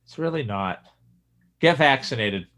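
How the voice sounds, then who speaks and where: A man's voice: mid-range voice, lively intonation, measured pace, fairly bright tone. A man co-hosting a podcast in casual chat, trading easygoing banter and dry quips. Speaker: podcast co-host.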